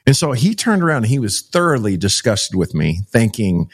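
A husky, lower-toned man speaks at a normal speed with hardly any pauses. The middle-aged Texas founder of a child rescue organization is storytelling in an interview, animatedly acting out each bit of quoted dialogue.

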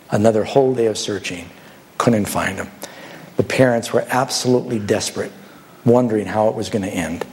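A man's voice: mid-range voice, darkish tone. A man preaching a sermon in a church, telling a parable with rhetorical questions and little acted-out quotes.

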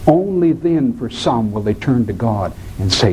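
A man preaching a sermon, addressing listeners as beloved and swinging from low hushed tones to high cries when he quotes. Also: expressive, normal speed, few pauses, background noise. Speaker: pastor.

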